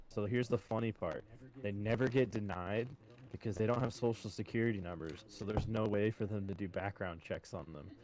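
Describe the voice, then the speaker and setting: Low-pitched male podcast host, relaxed profane storyteller. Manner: swears a lot, storytelling, calls listeners boys. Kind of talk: casual chat.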